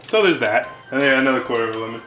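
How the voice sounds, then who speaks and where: This male cooking show host jokes around and rambles in a relaxed cooking vlog as he cooks. He speaks very fast in a medium-pitched, animated, sharp voice, with roomy sound and background music behind him.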